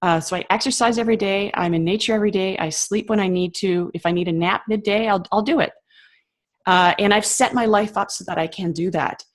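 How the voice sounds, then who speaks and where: A woman with a mid-range voice is a guest in a conversational interview. She speaks with passion and emphasis, pausing to reflect and using fillers.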